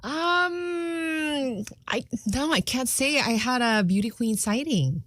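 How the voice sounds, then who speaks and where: A woman's voice: high-pitched, no echo. Woman co-hosting radio, takes her time, dry little jokes, very dry close sound. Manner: relaxed, unhurried, dry quips. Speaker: radio co-host. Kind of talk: casual morning radio banter. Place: radio studio.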